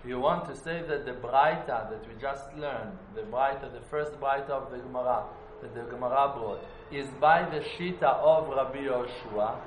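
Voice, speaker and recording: Man giving a talmud class, lively singsong, roomy sound with a bit of background hum. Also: medium pitch, moderate pace. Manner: animated, slipping into a chanting study singsong. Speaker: Torah teacher. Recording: roomy echo, faint ambience.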